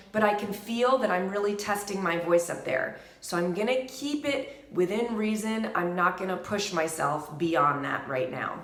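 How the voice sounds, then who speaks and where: A woman vocal coach calmly explaining singing exercises during a lesson, speaking in measured steps between demonstrations. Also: mid-range voice, roomy sound.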